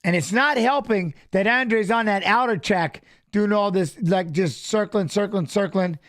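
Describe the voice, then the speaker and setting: Hosting a fight watch-along, a man with a high voice gives casual live commentary at an unhurried pace. He's animated, coaches the fighters aloud, and repeats phrases, all in a dry, studio-quality recording.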